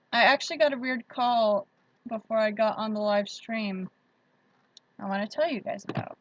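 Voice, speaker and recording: A woman's voice: a little high, steady tone, a little slow, long pauses, no room sound, lo-fi sound. A woman hosting a casual livestream, chatting in a friendly way and greeting viewers by name. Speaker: livestream host. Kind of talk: casual livestream chat reading viewer comments.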